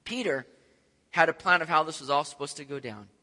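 Animated male preacher, swings loud to soft, high bright voice, long hall echo. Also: brisk. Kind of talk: sermon. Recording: echoey hall.

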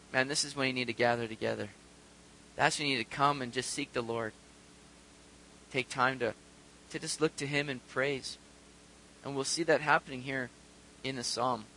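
A man preaching a sermon, reading scripture aloud and swinging between quiet earnest talk and loud urgent bursts. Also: high-pitched, dry recording, low-quality recording. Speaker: pastor.

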